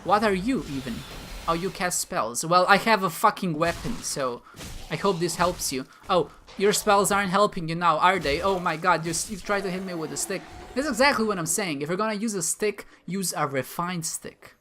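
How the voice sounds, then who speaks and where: Guy doing gameplay commentary, bright tone, jokes at himself and the enemies. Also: sits high, moderate pace, a little hiss or hum. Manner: joking, self-mocking, talks to enemies. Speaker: gamer, video host.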